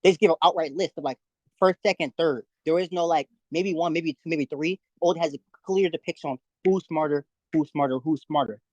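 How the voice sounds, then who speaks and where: A man's voice: fairly high pitch, a little fast, dry recording, poor audio. Insistent young man, dry close sound. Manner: insistent, lecturing, repeats himself. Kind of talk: heated online debate.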